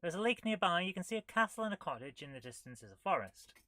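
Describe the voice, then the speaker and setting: Here the retro gaming host speaks quickly, her low-leaning voice swinging widely in pitch, bright and forceful, with no echo. She's doing live gameplay commentary, reading the game's text out loud and adding wry, dry asides.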